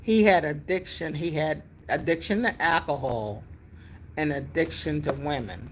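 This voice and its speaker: A middle-aged woman, telling a personal story in a casual, animated way with emphatic exclamations. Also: deep voice, moderate pace, slight background noise. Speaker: vlogger telling her life story.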